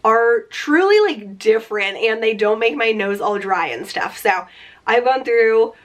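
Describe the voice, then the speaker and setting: A woman's voice: on the high side, lively intonation, measured pace. Chatty, stuffy-nosed young woman vlogger. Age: 20s. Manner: chatty, upbeat, many fillers like "like". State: congested nasal voice from a cold. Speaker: beauty vlogger. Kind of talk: casual beauty favorites chat.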